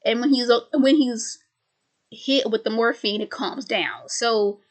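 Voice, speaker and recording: A woman's voice: on the high side, measured pace. A woman who stutters, repeating words and restarting sentences as she casually explains a film's plot. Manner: loose and chatty, heavy use of "like". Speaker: video host recapping a film.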